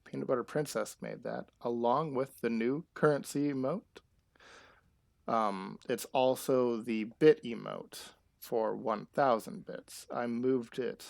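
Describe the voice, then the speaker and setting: A man chatting casually with his viewers while playing a game live, rambling and halting with restarts. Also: medium pitch, vocal fry, no echo, studio quality. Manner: rambling, chatty asides to chat. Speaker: streamer. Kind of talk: live gameplay commentary.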